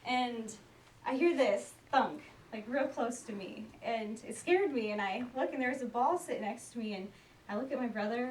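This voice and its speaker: A young woman telling a personal story out loud in a chatty, animated way, acting out the people she quotes. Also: on the high side. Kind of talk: personal story told aloud. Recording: roomy, distant mic, faint background noise.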